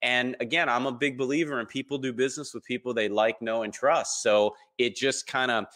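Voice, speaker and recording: A podcast guest in his thirties speaks fairly quickly in a medium-pitched, bright, forward voice during a casual interview. His stories are lively and um-heavy, and he acts out others' voices whenever he quotes them.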